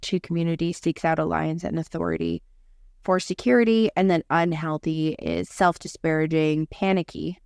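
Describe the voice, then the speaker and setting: A woman's voice: low voice, fairly even intonation, moderate pace, a little mellow, smooth, no room sound, clean studio sound. A young woman co-hosting a podcast, chatty and swearing casually while reading lists aloud. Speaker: podcast co-host. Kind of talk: casual chat.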